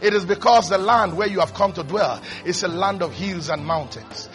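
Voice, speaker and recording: A man preaching a sermon as pastor, animated, swinging between hushed asides and shouted peaks. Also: sits high, normal speed, faint music behind.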